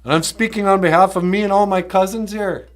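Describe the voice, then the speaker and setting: A man voicing a hot-headed, newly proud hero who makes loud, boastful declarations. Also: medium pitch, unhurried, natural voice. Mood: defiant. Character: hot-headed man, new-found tribal pride, defiant.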